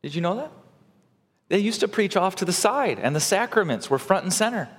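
A man's voice: high voice, big pitch swings, brisk, big-room sound. A male pastor preaching a sermon in a conversational way, acting out quotes and building to emphatic points.

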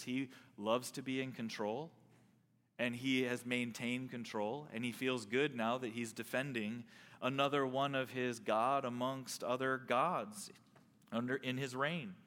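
A man preaching a sermon as pastor, earnest, leaning on slow emphatic stresses. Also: medium pitch, fairly bright tone. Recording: long hall reverb.

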